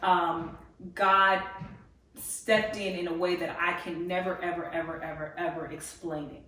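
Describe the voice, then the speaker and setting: A woman's voice: fairly low pitch, steady tone, a little slow, sharp tone. A woman in her twenties, a life group leader, telling her faith story in an earnest, emphatic way with many ums and repeats. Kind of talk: personal faith testimony in a casual interview. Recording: echoey room, mic at a distance.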